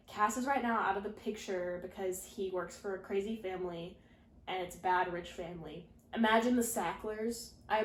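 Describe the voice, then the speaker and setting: A woman chatting through a recap in a loose, rambling way, with "like" in nearly every phrase and dry, sarcastic asides. Her voice sits at an ordinary middle pitch. The room around her adds a clear echo. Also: slight background noise. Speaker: video essayist recapping a fanfiction. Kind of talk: casual recap.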